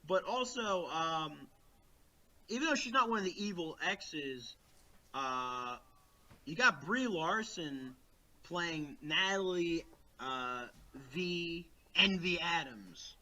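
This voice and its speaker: Bright-voiced rambling man on a podcast. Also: a little high, lively intonation, takes it slowly. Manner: rambling, lots of fillers and restarts. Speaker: podcast co-host. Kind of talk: casual chat about movies. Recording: remote call, poor audio.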